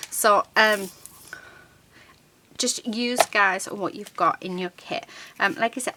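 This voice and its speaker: A woman with a bright, clear tone hosts a relaxed crafting tutorial from her desk. She takes her time and narrates each small step as her hands work. She chats along with frequent ums and half-finished words. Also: medium pitch, slight background noise. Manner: chatty, unhurried, many ums and restarts; talks while working with her hands.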